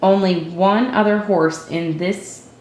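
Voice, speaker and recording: A woman voicing a tough stable boy who teases in rough country talk, recorded in an echoey room. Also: fairly low pitch, fairly even intonation, takes it slowly, a little mellow, a little hiss or hum. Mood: admiring.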